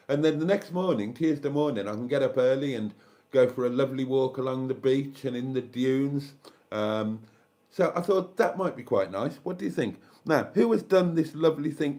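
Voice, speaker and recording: A man's voice: medium pitch, animated, moderate pace, dark tone. An older man with a South Welsh accent, hosting a live stream in casual chat, rambling as he thinks aloud and thanks viewers. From South Wales.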